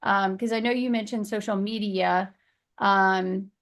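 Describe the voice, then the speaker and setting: A woman's voice: mid-range voice, fairly even intonation, measured pace. A woman with a Southern American accent hosting a virtual summit, asking questions in a chatty way with many fillers. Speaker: summit host. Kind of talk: casual chat.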